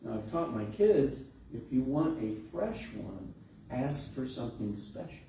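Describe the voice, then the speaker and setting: Folksy pastor telling a story in an echoey hall. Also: male voice, medium pitch, measured pace. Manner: folksy, conversational, animated storytelling. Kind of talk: sermon storytelling. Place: large church sanctuary. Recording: echoey hall, distant mic, faint hiss.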